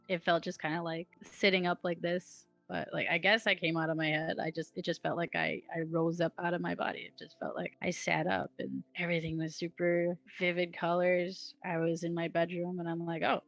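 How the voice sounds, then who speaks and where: Woman, lowish gravelly voice, casual chatty storyteller, giggles, dry close sound. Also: no echo, highs cut off. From Wisconsin, USA. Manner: chatty, many "like" fillers, giggles often. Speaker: guest telling her near-death experience. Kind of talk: casual first-person storytelling.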